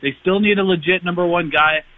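Excited male caller on a tinny phone line. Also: high voice, dry recording. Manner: rapid, rambling enthusiastic argument. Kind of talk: call-in sports opinion.

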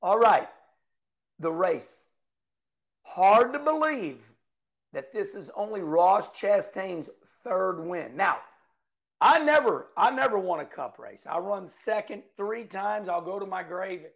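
Folksy racing commentator, middle-aged man, lively storyteller, high raspy tone. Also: takes it slowly. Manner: folksy, animated storytelling with acted-out quotes. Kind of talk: casual monologue.

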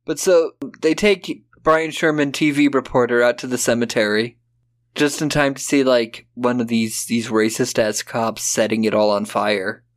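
In a relaxed movie-recap conversation, a podcast co-host sarcastically goes over a film and acts out dialogue in silly voices. His pitch is medium, his intonation fairly even, and his speed normal.

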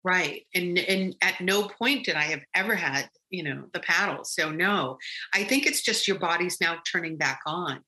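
A woman guest recounting a personal experience in conversation, animated and rambling with frequent restarts. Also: on the low side, normal speed, low-quality recording.

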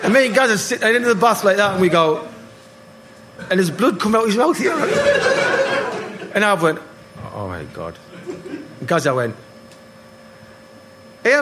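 Lively man telling stories. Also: sits high. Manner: animated anecdotes, acting out voices, laughing. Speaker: guest, former footballer. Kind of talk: live storytelling on stage. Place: live party event. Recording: noisy live room.

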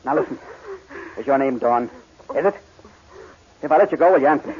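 A man's voice: animated, brisk, natural voice. A man playing a menacing street attacker. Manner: low, threatening, coldly insistent. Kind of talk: 1940s radio acting. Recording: noisy, dull old radio recording.

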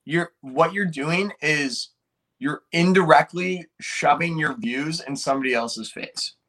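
A man's voice: a little high, unhurried, pushed and bright. A man co-hosting a podcast, chatting casually and hesitantly, often restarting while searching for words. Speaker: podcast co-host.

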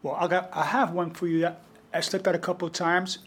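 A man's voice: sits high, fairly quick, a little hiss or hum. A man with a New York Bronx accent, telling stories as a guest in an interview. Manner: animated anecdotal storyteller. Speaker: guest storyteller and poet. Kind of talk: conversational interview storytelling.

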